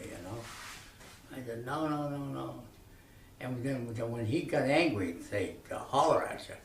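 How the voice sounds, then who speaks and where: Elderly man, rambling animated reminiscing, many restarts, echoey room, mic set far off. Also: mid-range voice. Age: 90s. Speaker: interviewee. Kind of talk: reminiscing storytelling.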